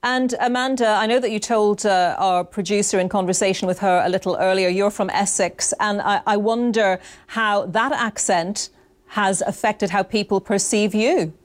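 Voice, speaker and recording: A woman's voice: medium pitch, steady tone. Woman reading the news. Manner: measured, clear newsreader delivery. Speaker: news presenter. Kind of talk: broadcast news presenting.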